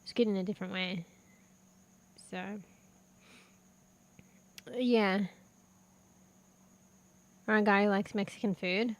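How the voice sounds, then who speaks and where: A woman's voice: medium pitch, steady tone, slow, pauses often, dry recording. A young woman streaming as a VTuber, chatting casually while eating, swearing freely and laughing often. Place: home room with a fan.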